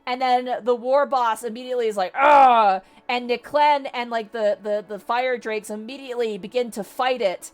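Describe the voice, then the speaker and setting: Young woman streamer, excitable, casual and profane, pitch a touch high. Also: moderate pace, few pauses, clean tone. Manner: animated, swears, talks to chat. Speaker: VTuber streamer. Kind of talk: casual livestream book recap.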